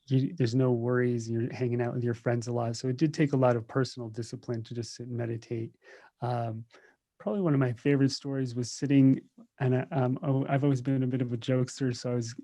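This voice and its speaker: Joking man with a mellow voice. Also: mid-range voice. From United States. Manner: joking, laughs often, acts out quoted voices. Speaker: meditation teacher, podcast guest. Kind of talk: casual conversational storytelling.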